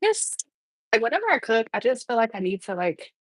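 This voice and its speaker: A woman's voice: on the high side, sing-song, a little fast, a bit bright, breathy edge, no room sound, poor audio. A woman hosting a casual livestream from her home kitchen, chatting to viewers while she tidies up, laughing often. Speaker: livestream host.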